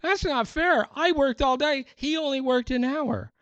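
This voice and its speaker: A man's voice: very high-pitched, measured pace, fairly bright tone, no echo, pitched above the performer's own voice. A man doing a whiny, outraged day laborer. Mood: indignant. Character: indignant male day laborer complaining about his pay. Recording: dull, slightly muffled sound.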